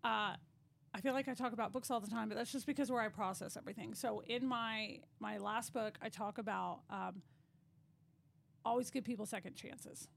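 Gravelly-voiced West Texas woman telling stories. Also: a little high, moderate pace, slight background noise. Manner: animated storyteller, acts out voices. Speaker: guest. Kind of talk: casual podcast chat.

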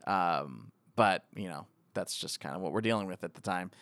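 A man chatting casually about a movie with friends, animated and joking, often jumping into high excited voices. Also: normal speed, gravelly, no echo.

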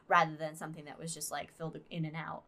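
A woman's voice: sits low, flat delivery, fast, sharp tone. A woman co-hosting a casual podcast, rambling with frequent fillers and laughter. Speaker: podcast co-host. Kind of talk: casual chat.

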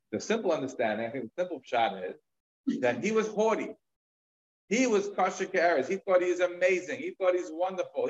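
Man teaching, a bit high-pitched, muffled. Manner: storytelling, conversational, with fillers. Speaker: rabbi teaching. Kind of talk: Talmud lecture.

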